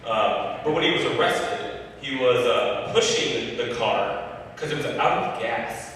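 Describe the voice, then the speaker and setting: A man tells stories on a comedy club stage, his voice bright and pushed forward. He swears freely and works the crowd between bits. The sound comes from across a big, echoing hall with a long reverb tail. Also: medium pitch, lively intonation, a little slow, slight background noise. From Michigan, US. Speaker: stand-up comedian. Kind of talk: stand-up set. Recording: echoey hall from far off.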